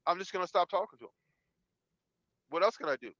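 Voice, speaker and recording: A man's voice: high-pitched, lively intonation, quick pace, pushed and bright, no echo, lo-fi sound. A man in his fifties in a heated casual conversation, defensive and profane, repeating himself. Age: 50s.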